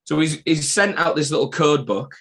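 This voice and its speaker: A man's voice: a little high, normal speed, a bit bright. A man co-hosting a podcast live stream, chatting casually, swearing freely and rambling through anecdotes. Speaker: podcast co-host.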